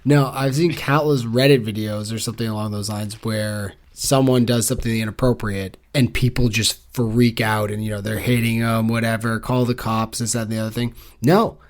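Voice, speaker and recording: A man's voice: on the low side, fairly even intonation, moderate pace, few pauses. A man co-hosting a book podcast, talking in a blunt, joking, rambling way. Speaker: podcast co-host. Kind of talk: casual book-club chat.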